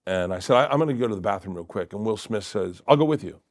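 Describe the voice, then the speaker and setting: A man's voice: fairly low pitch, animated, fast talker, dry recording. Middle-aged guy telling a wild story on a talk show, does all the voices, dry close mic. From Florida. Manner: acts out quoted voices, loud bursts of laughter. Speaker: comedian guest.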